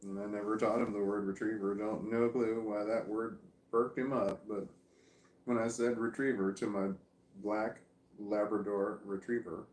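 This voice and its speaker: A man talks on and on at home, sleepy and meandering, pleased with his own stories. His voice sits a little low. The room gives it a noticeable echo. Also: flat delivery, moderate pace, a little mellow. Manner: meandering, chatty, self-amused. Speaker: vlogger. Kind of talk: casual rambling monologue.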